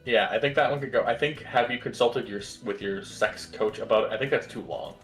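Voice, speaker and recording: A man's voice: medium pitch, brisk, music in the background. A man talking as a podcast guest in casual chat, explaining things patiently with hesitant fillers.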